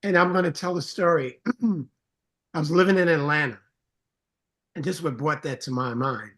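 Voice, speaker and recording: A middle-aged man speaking as a guest in a casual interview, telling earnest stories and acting out the voices of the people in them. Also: on the high side. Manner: earnest storyteller, acts out quoted voices. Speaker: songwriter and producer guest.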